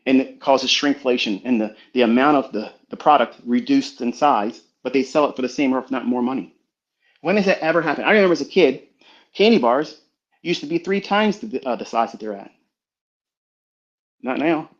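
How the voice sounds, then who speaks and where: A man's voice: medium pitch, expressive, moderate pace. A man, a trading mentor, giving an emphatic, preachy, profane motivational talk on a live audio stream. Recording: dull lo-fi online stream audio.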